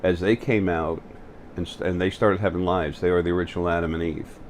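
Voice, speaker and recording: A man with a very low voice talks straight to the camera on his own spiritual channel. He keeps stopping on fillers and restarting his sentences, with a faint hum of noise under him. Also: steady tone. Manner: halting, full of fillers and restarts. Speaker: channel host. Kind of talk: spiritual vlog monologue. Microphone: facing the camera.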